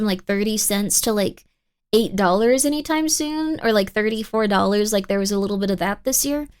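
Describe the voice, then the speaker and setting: A woman streamer in casual livestream chat who rambles through tarot readings and thanks viewers by name. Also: a little high.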